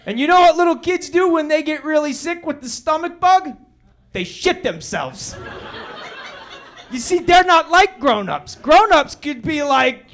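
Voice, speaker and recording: Middle-aged male stand-up, very high voice, relaxed storyteller who erupts into shouts, live club stage. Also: measured pace. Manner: laid-back storytelling with bursts of shouting. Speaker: stand-up comedian. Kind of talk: stand-up comedy set. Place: comedy club stage with audience laughter.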